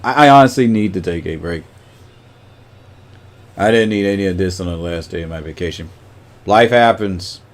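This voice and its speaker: A man chatting casually on a livestream, greeting viewers by name and rambling with lots of fillers. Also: fairly low pitch.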